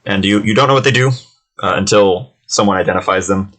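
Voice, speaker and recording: A man running a tabletop game as game master, easygoing and chatty, often laughing and filling pauses with "uh" and "um". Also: lowish voice, a bit bright, poor audio. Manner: easygoing, laughing, filler-heavy. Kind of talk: casual tabletop game narration.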